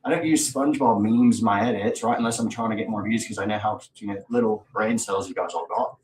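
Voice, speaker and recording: A man's voice: on the low side, fast talker, a little mellow. Sarcastic man taunting from afar. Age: adult. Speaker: streamer. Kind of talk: mocking rant to chat. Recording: roomy, distant mic, faint noise.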